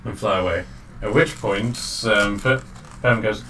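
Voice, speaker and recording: A man with a fairly low, fairly bright voice takes his time narrating a tabletop game as dungeon master. The delivery is relaxed and chatty, peppered with fillers and laughs, and the distant mic catches faint background noise.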